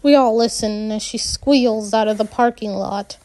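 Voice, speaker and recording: A woman narrating a novel aloud in the first person, in an unhurried, measured audiobook reading. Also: medium pitch, warm tone.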